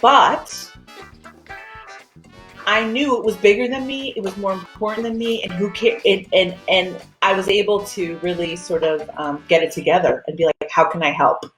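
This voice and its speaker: A woman's voice: brisk, hardly any pauses, reverberant, soft background music, rough recording. A woman chatting as a guest on a casual video-call interview, acting out little quoted moments as she tells her stories. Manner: animated storyteller, acts out quotes with big pitch jumps. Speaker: guest, actor and screenwriter.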